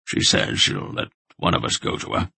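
A man playing a wise old man who speaks in a grave, measured way. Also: pushed and bright, no room sound. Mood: cautious. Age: older.

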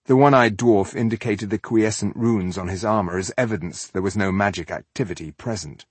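A man narrating an audiobook in an expressive storytelling manner. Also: lowish voice, moderate pace, husky, no echo. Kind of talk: scripted narration.

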